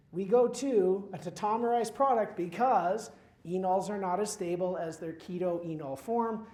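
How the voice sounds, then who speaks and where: A man's voice: high voice, moderate pace, darkish tone. A man giving a university chemistry lecture, quizzing his students with questions and dropping wry asides. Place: lecture hall. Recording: roomy lecture hall echo.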